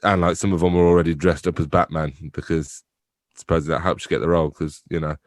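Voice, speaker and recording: Deep-voiced joking young man. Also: level tone, fast, no room sound. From England. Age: young adult. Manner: joking, self-deprecating, laughs often, swears casually. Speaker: theatre company director, podcast guest. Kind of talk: casual interview chat.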